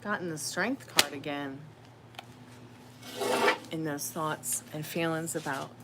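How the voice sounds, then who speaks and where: A woman's voice: low-pitched, slow. A woman doing a live tarot reading, chatting casually and calling her viewers dear. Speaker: tarot reader. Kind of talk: casual live-stream chat. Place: at home. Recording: noisy home live stream.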